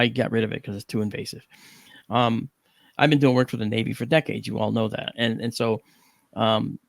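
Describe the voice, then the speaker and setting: A middle-aged man on a talk panel, telling a story with animated, acted-out dialogue and frequent 'okay?' check-ins. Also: medium pitch, gravelly, dry recording, clean studio sound. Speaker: panel guest.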